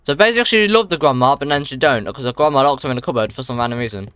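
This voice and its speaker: A young man talks his viewers through a horror game in a jumpy, excitable way. His voice is bright and forward, with a smooth, clean sound. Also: medium pitch, racing, no echo. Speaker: gaming channel host. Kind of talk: horror game let's-play commentary.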